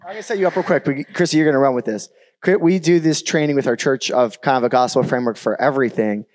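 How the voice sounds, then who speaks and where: A man co-presenting on a church panel, quickly and amiably setting up his partner's story. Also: medium pitch, darkish tone. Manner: quick, friendly interjecting. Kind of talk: casual panel talk.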